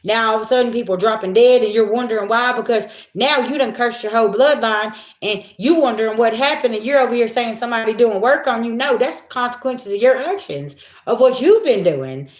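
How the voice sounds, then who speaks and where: Recorded in an echoey room, this woman's voice runs on the high side, a little fast with few pauses. She's doing a spiritual reading for viewers, casual, blunt, and profane, repeating points for emphasis.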